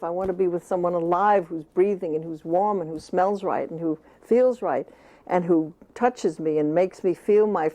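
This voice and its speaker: Woman, author interview, mellow warm tone, emphatic, repeats phrases. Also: lowish voice, moderate pace. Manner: emphatic, repeats phrases for stress, speaks as a baby in first person. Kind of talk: earnest interview answers.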